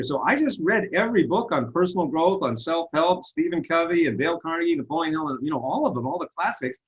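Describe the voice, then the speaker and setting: A man's voice: a little high, fast talker, few pauses, husky, muffled recording. A man telling stories in a casual interview, earnest and self-deprecating, over a video call. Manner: earnest storytelling, self-deprecating, animated retellings. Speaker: interview guest, success coach.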